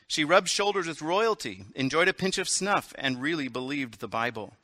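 A pastor delivers a sermon, reading a story aloud with a bright, forward voice. He tosses in casual, self-correcting asides. The sound is close and dry, pitched a bit high for a man. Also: expressive, moderate pace, dry recording.

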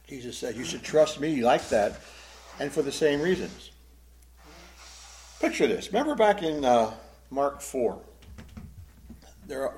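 A pastor with a mid-range, slightly mellow voice delivers a Bible-teaching sermon in a conversational style. He often poses questions to the congregation and repeats words as he goes.

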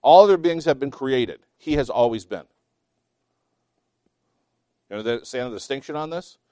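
A man teaching a Bible class, reading scripture slowly with emphasis between chatty asides and small self-laughs. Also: mid-range voice, lively intonation, warm tone, clear, resonant tone, no echo, clean studio sound.

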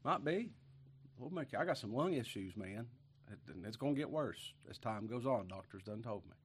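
A man preaching a folksy sermon in a voice of middle pitch. He is sick with a cough and short of breath. He drifts from low, quiet asides to loud, emphatic preaching. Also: expressive, moderate pace, husky. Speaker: pastor.

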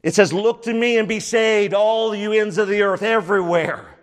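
A male pastor with a high-pitched voice delivers an emphatic sermon, repeating his key phrases for stress. His voice carries a long reverb, as in a large hall. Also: moderate pace.

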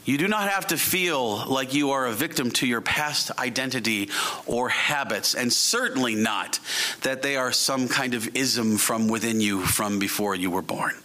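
A man preaching an evening sermon and leading a closing prayer, emphatic and drawing out key phrases slowly. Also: medium pitch, bright, forceful tone. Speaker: pastor.

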